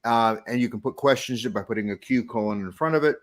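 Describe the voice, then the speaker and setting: A man's voice: medium pitch, quick pace. A man acting as question moderator on a live tech stream, upbeat and speaking to the chat audience. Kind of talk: casual chat.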